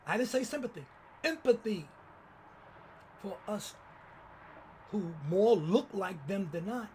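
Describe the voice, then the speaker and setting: A man hosting his own channel, telling a personal story in lively commentary and acting out the people he quotes. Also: high-pitched, slow, slight background noise. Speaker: channel host.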